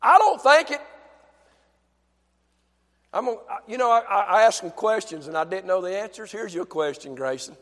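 A male preacher delivering a fervent sermon in a church, dropping to a hush and then building to shouts with repeated phrases. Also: high voice, lively intonation, moderate pace, long pauses, in a large hall.

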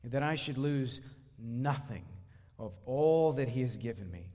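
A man's voice: medium pitch, animated, a little slow, dark tone, long reverb tail. A man preaching an expository sermon, emphatic, often repeating words as he drives a point home.

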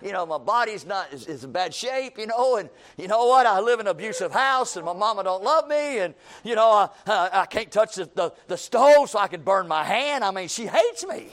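A man's voice: high-pitched, lively intonation, brisk, hardly any pauses, a bit bright. A man preaching a sermon, folksy and repetitive, building to emphatic calls and acting out everyday scenes.

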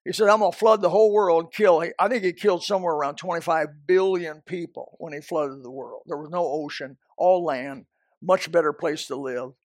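A man's voice: fairly high pitch, dry recording, studio quality. A man preaching a sermon as a pastor, emphatic and repetitive, often restarting his sentences.

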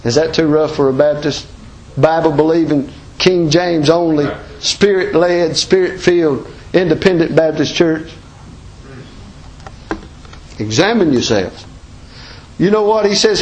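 A man's voice: a little high, normal speed, darkish tone, a little hiss or hum, low-quality recording. A man with a Southern American accent preaching a sermon as pastor, folksy and emphatic, full of rhetorical questions.

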